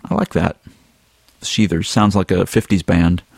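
Brief: male podcast co-host, low voice, dry close mic, laid-back email reader. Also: a little slow, gravelly, husky, dry recording. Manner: relaxed, chuckling, reads emails aloud. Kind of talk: casual chat.

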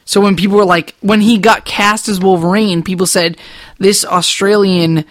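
A man co-hosting a podcast in casual chat, joking, swearing freely and telling quick anecdotes. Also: sits high, fairly even intonation, fairly bright tone, no room sound. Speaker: podcast co-host.

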